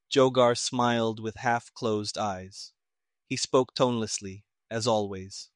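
A man narrating a story in a measured, even way. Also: medium pitch, no room sound, clean studio sound.

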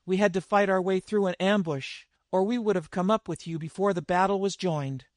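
Man reading as a gruff loyal warrior, blunt, slightly high voice, dry. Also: fairly even intonation, brisk, no room sound, close to an everyday voice.

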